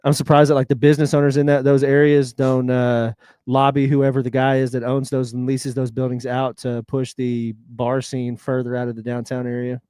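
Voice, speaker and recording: A man co-hosting a casual talk show, chatting in a relaxed way and adding comments and jokes. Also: mid-range voice, moderate pace, clean tone, dry recording. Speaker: podcast co-host. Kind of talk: casual chat.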